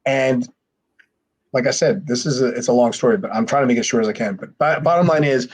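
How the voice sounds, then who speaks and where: A former pro wrestler in his forties, appearing as a podcast guest, tells a rowdy story with lots of swearing. His husky, mid-range voice moves fairly quickly, and he acts out quoted dialogue, animated and profane, restarting often in this casual storytelling.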